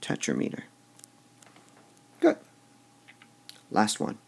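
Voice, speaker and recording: A man teaching a class, slow and deliberate, stressing syllables aloud as he goes through lines of verse. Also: mid-range voice, very animated, vocal fry. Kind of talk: classroom lecture on poetic meter.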